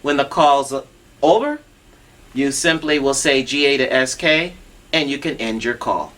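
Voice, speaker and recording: A man's voice: mid-range voice, lively intonation, unhurried, a bit bright. A man demonstrating assistive telephone equipment on a TV show, patient and instructive, walking through each step.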